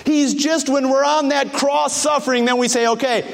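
A man's voice: extremely high pitch, fairly even intonation, normal speed, gravelly, long reverb tail. A man preaching a sermon to his congregation, asking them questions directly. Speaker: pastor.

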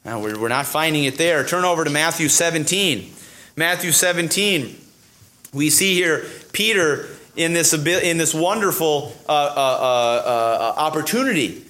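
Animated male preacher. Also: fairly high pitch, normal speed. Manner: animated, acts out dialogue, many fillers and restarts. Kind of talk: sermon.

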